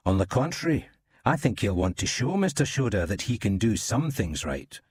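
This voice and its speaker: A man's voice: lowish voice, very animated, a little mellow, breathy edge, heavily acted. A man doing a laconic crime-squad detective. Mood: explaining. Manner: measured, explaining.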